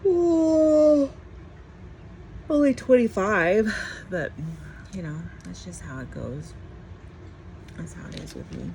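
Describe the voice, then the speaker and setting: A woman's voice: lowish voice, huge pitch swings, measured pace, vocal fry, long pauses, a little hiss or hum, poor audio. A middle-aged woman chatting casually at home in a morning vlog, rambling and laughing often. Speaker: vlogger.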